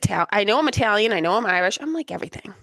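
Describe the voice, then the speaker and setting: A woman co-hosting a podcast in relaxed casual chat, mostly agreeing and adding quick comments. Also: mid-range voice, vocal fry, no echo. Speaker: podcast co-host.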